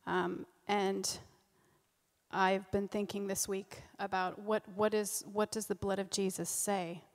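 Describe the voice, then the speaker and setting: A woman's voice: medium pitch, flat delivery, slow. A woman giving an informal, earnest sermon at a church service, often repeating and restarting her phrases. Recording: long reverb of a church hall.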